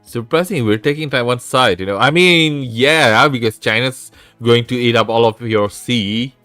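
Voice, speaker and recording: A man's voice: medium pitch, moderate pace, sharp tone, dry recording, soft background music. A man with a sore throat, hosting a casual live stream, rambling and often interrupting himself. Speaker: VTuber streamer and host.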